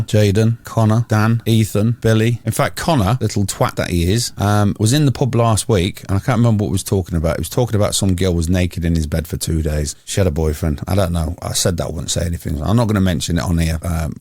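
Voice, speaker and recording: A man's voice: sits low, darkish tone, dry recording. A man hosting a casual football podcast, rambling through sweary pub anecdotes. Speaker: podcast host. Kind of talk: casual chat.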